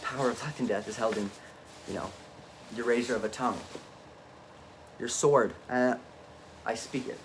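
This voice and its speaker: A man in an unscripted, rambling monologue, swinging between low muttering and emphatic outbursts and often cutting himself off mid-thought. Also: normal speed, long pauses, a little hiss or hum. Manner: frequent self-interruptions and restarts. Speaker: vlogger.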